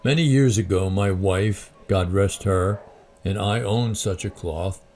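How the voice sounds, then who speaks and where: A man reading aloud, voicing a gentle middle-aged watch repairman with a soft accent. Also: low-pitched, a little slow, faint music behind. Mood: wistful.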